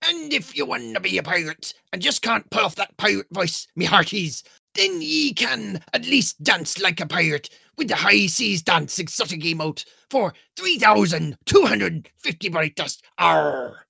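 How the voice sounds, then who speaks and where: A man voicing a swaggering old-style pirate with a gravelly, growling voice. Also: high voice, very animated, unhurried, sharp tone, no echo, studio quality, pitched above the performer's own voice, full character voice. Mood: hearty.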